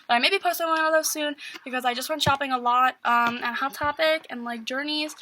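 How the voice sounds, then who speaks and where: A woman's voice: sits high, a little fast, bright, forceful tone, a little hiss or hum, poor audio. A teenage girl vlogging a casual story at home, rambling with lots of fillers. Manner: rambling, filler-heavy with constant "like".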